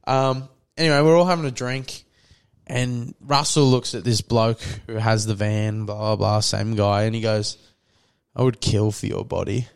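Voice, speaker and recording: A man's voice: fairly low pitch, level tone, moderate pace, smooth. A young Australian man telling rambling, profane stories in a casual podcast chat, full of fillers. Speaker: podcast co-host.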